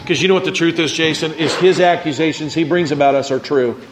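Quick and fairly even in intonation, this pastor's fairly high voice leads a conversational sermon over a little hiss or hum. Questions go out to the congregation, quoted people get their own voices, and sentence openings often come with repeated words.

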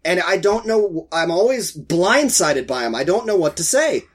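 Man, middle-aged, stuffed-up head cold, high voice, rambling casual chat, exasperated. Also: animated, normal speed. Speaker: podcast co-host.

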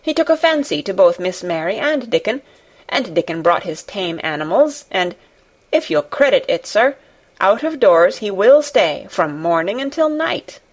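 A woman's voice: medium pitch, sing-song, moderate pace. A woman voicing a flustered, talkative older housekeeper who rambles deferentially to her master. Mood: anxious.

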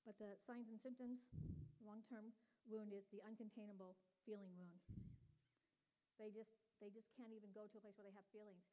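A woman's voice: medium pitch, fairly even intonation, normal speed, warm tone, low-quality recording. An older woman delivering a sermon to women in an earnest, personal teaching tone. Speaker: women's ministry speaker.

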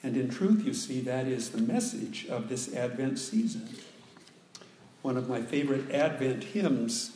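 Man, pastor, sermon, slow measured delivery, echoey church room, faint background hum. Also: medium pitch, warm tone. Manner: slow, deliberate preaching with dramatic emphasis. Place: church sanctuary.

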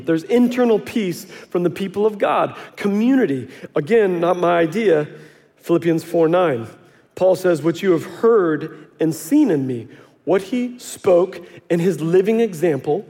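A man in his thirties preaching a sermon as a pastor, animated and storytelling, acting out quotes with self-deprecating humor. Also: high voice, a little slow. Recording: long hall reverb.

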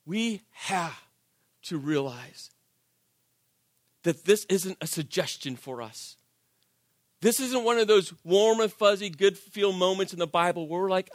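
A man preaching a sermon in church, conversational and animated, often asking the congregation "right?" and swinging from shouted emphasis to soft, intimate delivery. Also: high-pitched, unhurried, pauses often, dry recording, clean studio sound. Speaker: pastor.

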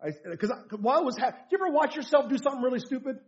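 A middle-aged American man, a pastor preaching a sermon, telling a story and moving from hushed tones to fervent bursts. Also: very high voice, animated, racing, lo-fi sound. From United States.

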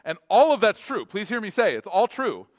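A pastor, a man with a slightly higher voice, preaching in a loose conversational style. He slips into quick acted dialogues, then drops to a near hush for emphasis before rising again. His delivery swings widely in pitch and level. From North America. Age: adult with children. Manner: conversational, animated, acts out short dialogues. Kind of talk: sermon.

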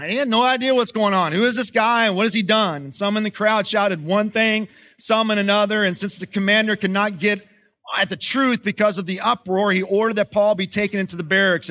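Casual preacher, male, high-pitched, talks through a Bible passage like he's chatting. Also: pushed and bright. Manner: casual storytelling, frequent restarts and fillers. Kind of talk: sermon.

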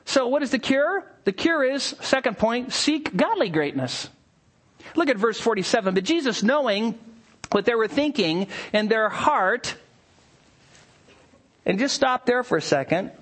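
A male pastor delivers a sermon in a lively, sing-song voice that climbs and dips widely. He drops to near-hushed asides, then bursts out excitedly. He acts out little scenes with playful voices. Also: very high voice, measured pace.

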